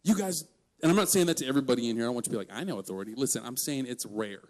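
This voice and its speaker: A man in his twenties giving a storytelling sermon to young people, animated and joking, laughing mid-story. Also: medium pitch, racing. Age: 20s. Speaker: guest youth speaker.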